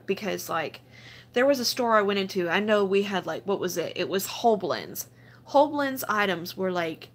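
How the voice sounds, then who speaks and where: A woman's voice: mid-range voice, a bit bright. A woman hosting a casual live stream, chatting and laughing as she reads out viewer comments and explains things step by step. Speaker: couponing channel host.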